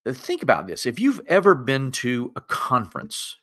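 Casting note: man, lower Appalachian accent, middle pitch, folksy webinar presenter. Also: normal speed. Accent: Southern US, lower Appalachian. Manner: folksy, self-deprecating, energetic. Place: converted home bedroom studio.

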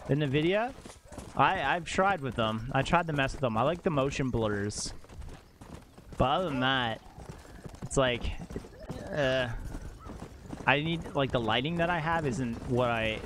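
Young male streamer, excitable chat, unhurried, faint background noise. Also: mid-range voice. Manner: excitable, exclaims and laughs often. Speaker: game streamer. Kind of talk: casual live-stream chat. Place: home streaming setup.

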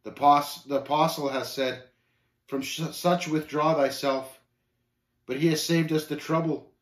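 A man reading aloud and voicing a sober, measured male pilgrim who speaks with quiet knowing. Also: on the high side, fairly even intonation, reverberant, close to an everyday voice. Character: grave, wise older male Christian companion.

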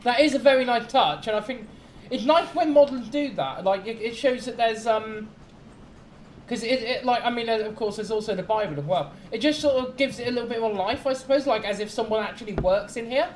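A man's voice: extremely high pitch, a little fast, reverberant, slight background noise, poor audio. A man hosting a live stream, chatting casually with friends, swearing and trailing off as he searches for words.

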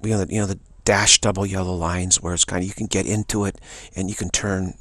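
A man's voice: low-pitched, little pitch movement, quick pace, fairly bright tone, no echo. A man telling a rambling, indignant story in a casual talk. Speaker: spiritual channel host. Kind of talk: casual spoken anecdote.

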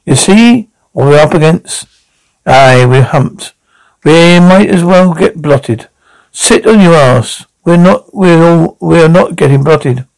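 A gravelly man with a slightly raised pitch, trading crude sitcom lines. His talk is brash and coarse, full of comic bluster. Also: a little mellow, low-quality recording. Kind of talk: sitcom dialogue.

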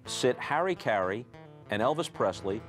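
A man telling broadcasting stories in an interview in a lively, emphatic way. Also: mid-range voice, moderate pace, faint music behind. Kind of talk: anecdotal interview storytelling.

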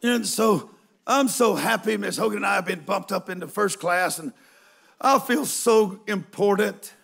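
A man preaching a humorous storytelling sermon to a live congregation in a large church, folksy and emphatic, breaking into shouts. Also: high voice, unhurried, gravelly, slightly rough. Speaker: guest preacher.

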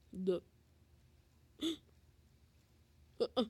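A woman's voice: a little high, slow, pauses often, dark tone, no echo. A woman giving gameplay commentary, giggly and flustered, with many fillers. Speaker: gamer.

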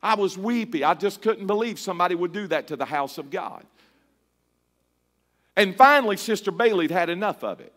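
Middle-aged pastor guy with a high voice, preaching in church, quiet stories then rising to a sung shout. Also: animated, fairly quick. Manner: hushed storytelling that builds to a fervent, half-sung shout. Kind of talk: sermon.

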